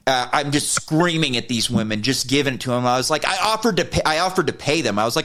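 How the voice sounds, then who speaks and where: A man co-hosting a podcast, telling a heated personal story in a casual, profane way and getting animated when he quotes himself. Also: medium pitch, quick pace, hardly any pauses. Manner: profane, heated retelling of an argument. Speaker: podcast co-host.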